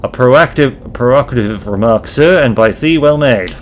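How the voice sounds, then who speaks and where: A man's voice: medium pitch, moderate pace, slight background noise, lightly acted. A man voicing a formal innkeeper who talks in old-fashioned thee-and-thou phrases in a video game. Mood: formal, stately. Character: archaic-speaking innkeeper, formal and stiff.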